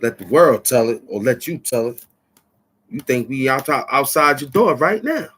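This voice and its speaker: A man's voice: mid-range voice, lively intonation, moderate pace, a bit bright, breathy edge. A man hosting his own channel, taunting and boasting in a rambling trash-talk rant. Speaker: channel host. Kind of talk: trash-talking rant at the camera.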